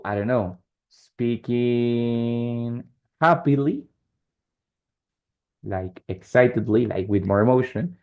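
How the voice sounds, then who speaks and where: Gravelly male English teacher on a call. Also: lowish voice. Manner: explains slowly with many checks like "right?" and "yes?". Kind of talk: online English lesson. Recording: dull lo-fi call audio.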